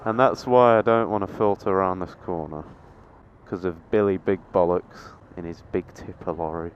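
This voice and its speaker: A nineteen-year-old man, chatting to the camera while riding a motorbike in traffic. He swears a lot, mocks himself and breaks into excited yelps. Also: low-pitched, moderate pace. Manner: sweary, self-mocking, sudden excited yelps. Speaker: motovlogger. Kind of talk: casual running commentary while riding. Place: on a motorbike in town traffic, outdoors. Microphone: helmet-mounted action camera. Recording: dull lo-fi sound with loud wind and engine noise. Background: wind, traffic and engine noise.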